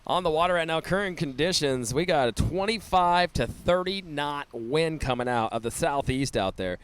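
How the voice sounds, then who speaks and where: A man's voice: a little high, lively intonation, normal speed, clean tone. A man calling a live surf contest play-by-play, enthusiastic and often laughing. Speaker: surf commentator. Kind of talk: live sports commentary.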